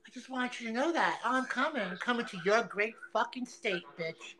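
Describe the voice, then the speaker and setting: A woman livestreaming an angry, profane rant, taunting and repeating herself with loud outbursts. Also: on the high side, normal speed, rough recording.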